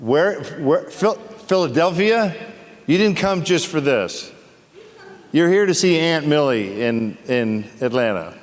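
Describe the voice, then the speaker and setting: An actor on a convention panel, a man joking and teasing audience members in playful, quick asides. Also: fairly high pitch, expressive. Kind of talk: comedic Q&A banter with the audience. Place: convention hall. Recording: echoey convention hall.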